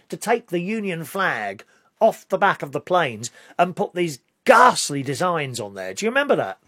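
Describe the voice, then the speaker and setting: A British man chats away to his camera in a loose, rambling monologue, full of opinions and quick to get worked up. His voice sits a little high for a man, and it is recorded dry, with no room sound around it. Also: fairly bright tone, no echo. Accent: British English. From Britain. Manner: chatty, rambling, opinionated, rising to indignant outbursts. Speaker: vlogger. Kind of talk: casual talk to camera.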